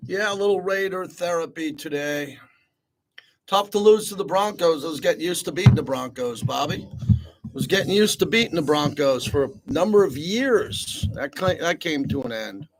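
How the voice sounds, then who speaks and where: Fired-up ranting man, high voice. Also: lively intonation, moderate pace. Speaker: sports radio host. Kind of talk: sports talk rant.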